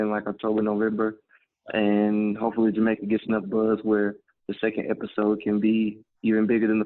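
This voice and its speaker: A man's voice: fairly low pitch, no echo. Laid-back storytelling man on a narrow line. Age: 20s. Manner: laid-back, chatty, full of "man" and "you know". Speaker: guest. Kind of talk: casual storytelling interview. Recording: phone-like narrow band.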